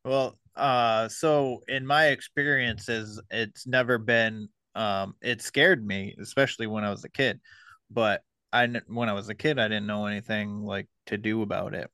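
Male host, low and smooth, relaxed and halting delivery, dry recording. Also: no echo. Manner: relaxed, hesitant, many ums and uhs. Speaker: podcast host. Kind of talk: casual conversation.

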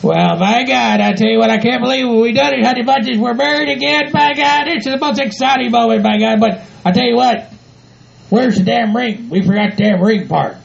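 A man's voice: sits high, expressive, exaggerated voice. A man playing a rowdy, folksy hillbilly husband, stammering and tacking "by God" onto everything. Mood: excited. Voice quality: gravelly, repeats "by God" constantly. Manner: halting, stammering, sentimental. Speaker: podcast regular. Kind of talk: comedic role-play podcast. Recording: dull lo-fi home recording.

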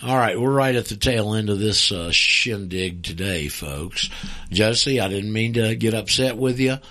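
A man's voice: fairly low pitch, expressive, moderate pace, pushed and bright. A man hosting a call-in radio show, talking bluntly and emphatically in a folksy way.

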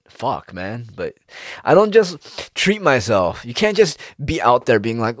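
A man, rambling in a casual, profane monologue with sudden jumps in pitch. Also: huge pitch swings, measured pace, dry recording, clean studio sound.

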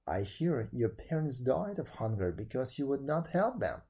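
A man voicing a kindly but scolding male fairy elder in a storybook reading, lively and jovial. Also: medium pitch, normal speed, breathy edge.

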